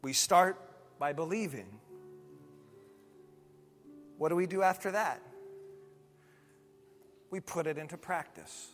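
A man's voice: on the high side, animated, slow, long pauses, fairly bright tone, big-room sound, soft background music. A male pastor preaching a sermon, building to emphatic, repeated declarations. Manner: preaching with swelling intensity, emphatic repetition.

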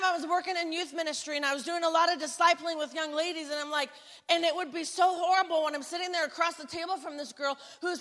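A woman preaching a sermon, conversational and storytelling, building to emphatic, loud exclamations. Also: very high voice. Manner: conversational storytelling with self-talk asides. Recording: long hall reverb.

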